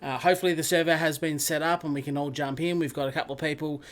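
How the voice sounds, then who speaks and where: A man's voice: fairly high pitch, steady tone, quick pace. A man hosting a live sim racing stream, chatting casually and greeting viewers by name.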